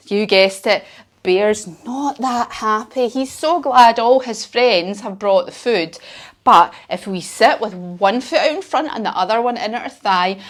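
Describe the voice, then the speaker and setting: Encouraging woman leading kids' yoga. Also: medium pitch. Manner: encouraging and sing-song. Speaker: children's yoga teacher. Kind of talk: storytelling yoga lesson for kids.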